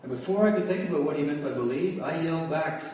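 A man's voice: fairly high pitch, quick pace, a little mellow, a little hiss or hum. A man giving his testimony as a sermon, telling his story and raising his voice at its peaks. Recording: echoey hall from far off.

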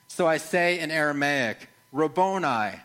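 A man preaching a first-person dramatic sermon, measured and earnest, with rhetorical questions to the listeners. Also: a little high, a bit bright. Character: Mary Magdalene retelling the resurrection, played by a man.

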